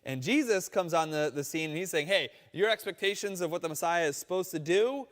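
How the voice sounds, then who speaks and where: A man preaching a sermon, telling a story with animated quoted voices. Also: high-pitched, normal speed, hardly any pauses, in a large hall. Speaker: pastor.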